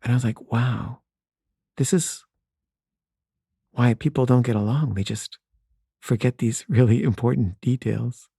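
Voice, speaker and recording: A man's voice: medium pitch, fairly even intonation, moderate pace, vocal fry, dark tone, breathy edge, no room sound, studio quality. A middle-aged man telling a candid personal story in a matter-of-fact way, with wry asides.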